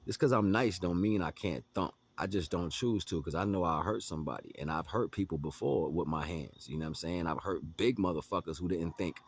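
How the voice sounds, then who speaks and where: A man's voice: deep voice, fairly quick, few pauses, breathy edge. A man telling a story to his viewers in a blunt, profane, emphatic way, with lots of asides to the listener. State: homeless, talking about his day. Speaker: vlogger. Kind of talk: casual storytelling monologue.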